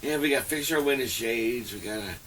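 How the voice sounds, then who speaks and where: A man's voice: mid-range voice, animated, fairly quick, fairly bright tone. A man chatting casually with dry, teasing humor inside a camper. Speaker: vlogger's husband. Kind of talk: casual chat. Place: camper trailer. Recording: distant mic with faint background noise.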